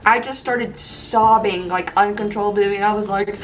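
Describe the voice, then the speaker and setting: A young woman telling funny stories from her life in a chatty, animated way with lots of fillers. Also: mid-range voice, normal speed, hardly any pauses, far from the mic, soft background music, poor audio. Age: young adult. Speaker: vlogger. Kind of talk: casual storytime.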